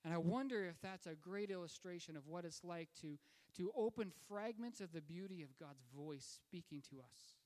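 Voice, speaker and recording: A man's voice: sits high, normal speed, a little mellow. A man preaching a sermon and telling a story in a conversational way, with fillers and restarts. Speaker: pastor. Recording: long hall reverb.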